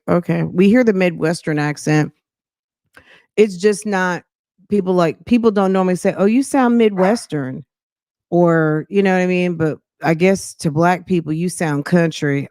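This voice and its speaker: A woman's voice: on the low side, a little mellow, no echo, clean studio sound. A woman from New Jersey hosting a reaction channel, chatting casually with sassy, judgy asides. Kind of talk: casual commentary.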